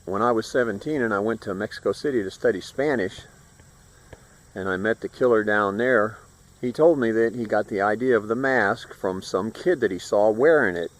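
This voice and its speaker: A man's voice: fairly low pitch, normal speed. A man in his sixties from Florida, telling a personal story in a loose, rambling way and acting out the voices of the people in it.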